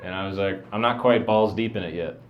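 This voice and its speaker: A man doing a stand-up set, mumbling in a flat deadpan. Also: low-pitched, a little fast, reverberant. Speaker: stand-up comedian. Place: comedy venue with a live audience. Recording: dull lo-fi live recording with crowd.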